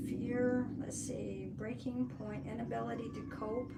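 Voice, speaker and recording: A woman's voice: on the high side, little pitch movement, unhurried, gravelly, few pauses, distant mic, heavy background noise. A woman giving a tarot reading, rambling with many fillers and restarts. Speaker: tarot reader.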